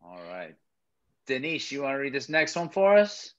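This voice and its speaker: A man's voice: mid-range voice, very animated, normal speed, no room sound, lo-fi sound. A man hosting a webinar over video call, talking in a laid-back way full of "man" and "you know.". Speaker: webinar host. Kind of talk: casual group video-call chat.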